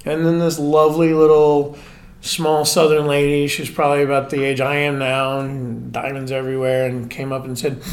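Forties male guest, chatty anecdotal storyteller, even mid voice, casual talk. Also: medium pitch, moderate pace, slight background noise. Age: 40s. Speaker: podcast guest, spirits brand manager.

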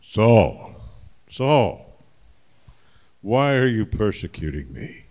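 A congregation reading together in deep unison, voicing the voice of Jesus from heaven. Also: very animated, darkish tone. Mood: solemn. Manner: slow, unison chanting, deep put-on voice.

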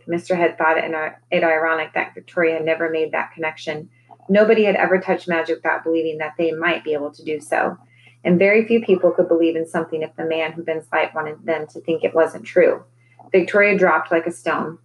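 A woman, a teacher, reading a children's novel aloud with expressive, dramatic storytelling. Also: sits low, a little fast, highs cut off, slight background noise. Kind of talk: read-aloud storybook narration.

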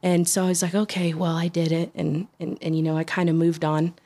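A woman, an interview guest telling a story casually, animated, with restarts and acted-out quotes. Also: on the low side, fairly quick.

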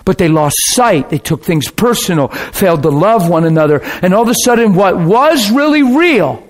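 A man preaching a sermon, telling a story with sound effects and asking his listeners questions. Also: a little high. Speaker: pastor.

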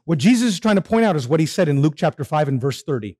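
A man's voice: fairly high pitch, brisk. A man preaching a sermon, asking his listeners questions and answering them himself. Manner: animated, asks the congregation questions and answers them.

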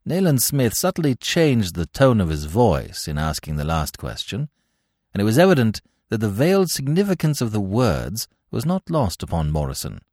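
Deep-voiced man reading a classic story. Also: dry recording, clean studio sound. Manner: measured, expressive storytelling. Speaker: narrator. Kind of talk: dramatic audiobook reading.

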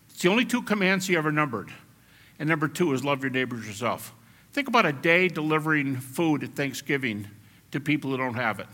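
A man preaching a sermon as pastor, animated and at times shouting as he acts out quotes. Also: a little high.

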